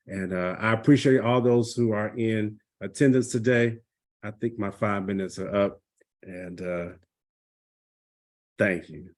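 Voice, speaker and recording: Middle-aged man, low voice, earnest speaker closing his remarks, halting with fillers. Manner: earnest, emphatic, many "uh" fillers. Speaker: summit speaker. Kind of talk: closing remarks at a virtual summit.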